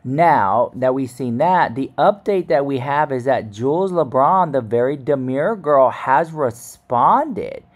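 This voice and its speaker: Male gossip commentator, chatty and animated, mid-pitched, casual delivery. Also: slow, few pauses. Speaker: commentary host.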